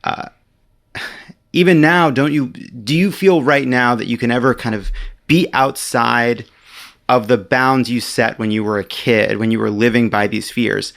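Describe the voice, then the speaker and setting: A man's voice: medium pitch, steady tone, a little slow, creaky, a bit bright. A man in his forties hosting a podcast interview, talking in a playful, rambling, joking way. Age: 40s. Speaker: podcast host. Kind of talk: conversational interview.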